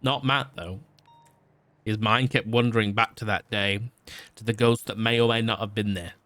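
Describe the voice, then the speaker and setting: A man's voice: on the low side, steady tone, moderate pace, a bit bright, no echo. A man streaming, reading a fan story aloud, stumbling and restarting often, with side remarks to chat.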